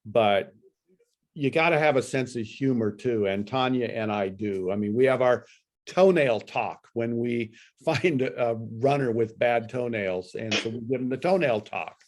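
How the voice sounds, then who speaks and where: A man's voice: medium pitch, unhurried, a little mellow. A man guest speaking in an easygoing, matter-of-fact way over a video call. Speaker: guest, foot-care author. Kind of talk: casual conversation on a video call.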